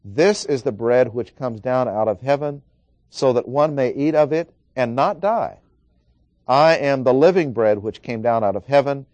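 A man's voice: medium pitch, normal speed, a little mellow, no echo. A man preaching an expository Bible lesson, working through numbered points and reading scripture aloud.

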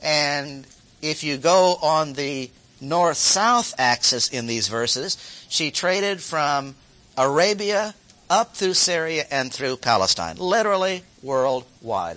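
A man's voice: fairly high pitch, expressive, slow, bright, forceful tone. A man teaching a Bible lesson, reading verses aloud and stopping to explain them with short asides and repeated key phrases. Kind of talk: expository Bible lecture.

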